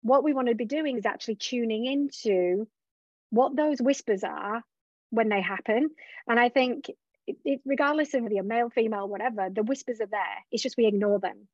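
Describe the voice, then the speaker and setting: On a dull, dry lo-fi recording, this business coach talks at normal speed in a slightly high, darkish voice. During a candid conversational interview she reflects openly on her own journey, frequently speaking her earlier thoughts out loud.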